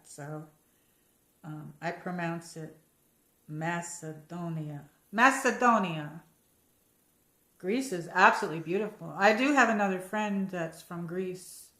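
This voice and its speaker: A woman's voice: lowish voice, a bit bright. Chatty American woman in an echoey room. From United States. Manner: rambling, chatty, reads out viewer comments. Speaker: livestream host. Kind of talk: casual live-chat hangout.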